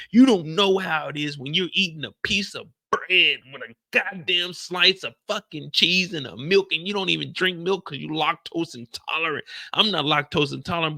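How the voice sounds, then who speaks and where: A man riffs on a TV episode as a recap host, loud in spirit, profane and full of slang. His voice sits a little high with a gravelly edge and a bright, sharp tone. The sound is close and dry. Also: no room sound. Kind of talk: casual ranting episode recap.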